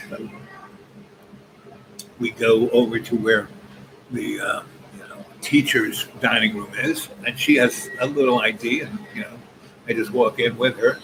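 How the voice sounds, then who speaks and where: A man's voice: mid-range voice, fairly even intonation, measured pace. A man in his seventies rambling through a long personal story with many asides. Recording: noisy background ambience.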